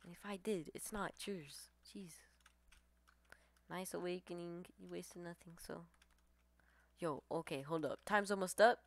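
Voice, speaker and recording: A woman giving live gameplay commentary, excitable, swearing and trash-talking her opponents. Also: fairly low pitch, unhurried, pauses often. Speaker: gamer streamer.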